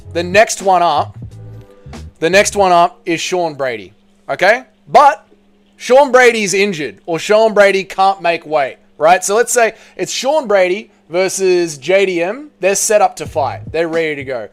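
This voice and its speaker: Aussie streamer, man, slightly high voice, animated chat host, casual and a bit sweary, faint music behind. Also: normal speed. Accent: Australian.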